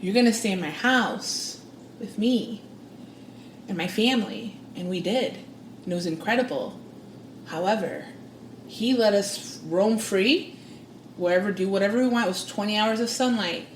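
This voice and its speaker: A guest psychic and spiritual coach shares a personal story on a podcast at a moderate pace, with long pauses. She's expressive and animated, imitating the voices she quotes with dramatic pitch shifts. The audio is reverberant, with slight background noise.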